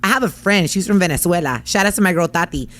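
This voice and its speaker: A woman's voice: lowish voice, quick pace, a bit bright. A young adult woman co-hosting a podcast, bubbly and chatty. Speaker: podcast co-host. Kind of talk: casual chat.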